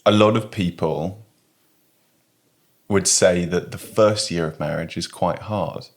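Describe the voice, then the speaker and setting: A young man asks his parents questions in a relaxed family podcast, curious and lightly teasing. His voice is very low. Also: takes it slowly. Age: young adult. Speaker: podcast co-host. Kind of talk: casual family chat.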